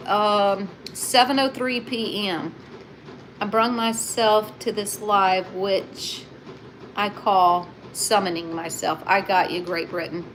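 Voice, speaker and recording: On a low-quality recording with a little background noise, a Southern U.S. woman chats casually on her livestream and reads out comments from viewers. She has a mid-range, somewhat bright voice.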